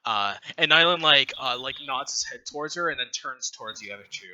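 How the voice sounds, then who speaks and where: A man runs a tabletop game, describing scenes in a very bright, lively voice that rises and falls a lot. He talks haltingly, filling pauses and restarting his sentences. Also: mid-range voice, lo-fi sound. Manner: halting, many fillers and restarts. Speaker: game master.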